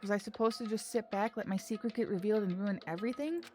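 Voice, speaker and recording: A woman's voice: medium pitch, quick pace. A woman streamer reading game dialogue aloud, with dramatic delivery and emotional reactions. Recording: music under the voice. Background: game music.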